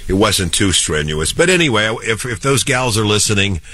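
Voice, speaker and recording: Deep-voiced older man with a head cold. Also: sing-song, moderate pace, sharp tone, no echo. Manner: rambling storyteller with many restarts and fillers. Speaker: radio show co-host. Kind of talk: casual chat.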